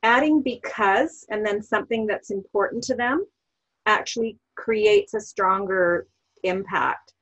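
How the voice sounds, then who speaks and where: A woman coach explaining parenting techniques calmly on a podcast, giving examples as she goes. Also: medium pitch, measured pace, rough recording. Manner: calm, explanatory, gives examples. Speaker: NLP coach guest. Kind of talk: podcast interview.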